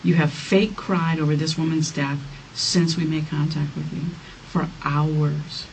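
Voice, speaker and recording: A woman's voice: low voice, fairly even intonation, moderate pace. A woman police detective pressing a suspect during an interrogation, firm and repetitive in her accusations. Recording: distant mic in a noisy interrogation room.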